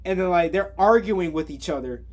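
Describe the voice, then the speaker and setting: A young adult vlogger recapping a movie to the camera, worked up and rambling. The voice sits at an ordinary middle pitch and keeps tumbling through slang, fillers and restarts as the story piles on. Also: moderate pace. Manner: excitable, rambling retelling full of slang and fillers. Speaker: movie reviewer. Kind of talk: casual spoiler movie recap. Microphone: camera on a stand.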